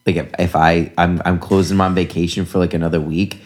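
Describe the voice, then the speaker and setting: A man's voice: deep voice, flat delivery, quick pace. A man co-hosting a casual podcast, reacting playfully and joking. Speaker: podcast co-host. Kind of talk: casual chat.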